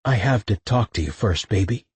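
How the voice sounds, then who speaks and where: A man voicing an anguished young male lover in an audiobook, with a husky voice. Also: fairly low pitch, animated, moderate pace, darkish tone, no echo. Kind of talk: audiobook narration.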